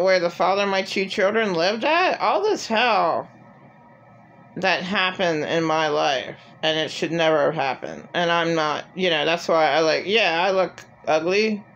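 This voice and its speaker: A woman's voice: fairly low pitch, a bit bright, dull audio. A middle-aged woman talking in an agitated, rambling personal monologue full of filler words. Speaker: vlogger.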